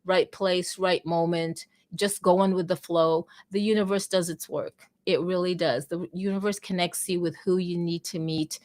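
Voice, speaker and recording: A woman's voice: on the low side, fairly even intonation, moderate pace, few pauses, darkish tone. A woman hosting a casual online audio chat, telling a story with lots of restarts. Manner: chatty storyteller, many restarts. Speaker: host.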